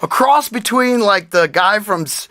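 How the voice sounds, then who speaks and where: A man's voice: high-pitched, animated, measured pace, sharp tone, dry recording, clean studio sound. A man in his forties co-hosting a podcast, telling earnest, emotional stories in casual chat. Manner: earnest storytelling, emotional tribute. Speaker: podcast co-host.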